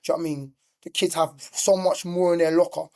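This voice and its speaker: A man's voice: a little high, little pitch movement, quick pace, a little mellow. A middle-aged man, a youth football coach telling stories in a casual podcast chat, full of "like" and "do you know what I mean". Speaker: youth football coach and former professional player.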